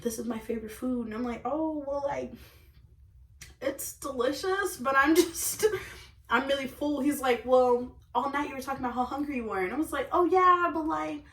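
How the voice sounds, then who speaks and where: Young woman vlogger, bright high voice, lively storyteller, echoey room, a little off mic. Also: moderate pace, distant mic. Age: young adult. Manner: animated, laughs often, says okay and like a lot. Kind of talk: storytime vlog.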